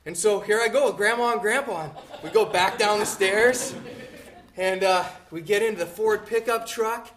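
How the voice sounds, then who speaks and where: Animated man telling a personal story. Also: normal speed. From Montana. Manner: animated, swinging from bursts to hushed low asides. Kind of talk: personal story told on stage.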